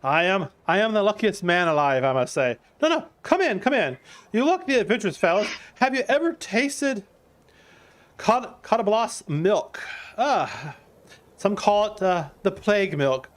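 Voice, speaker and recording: A man's voice: high-pitched, very animated, measured pace, voice pushed up. A man voicing a friendly, flustered male cheese trader with a frosty beard, stammering eagerly in a tabletop game.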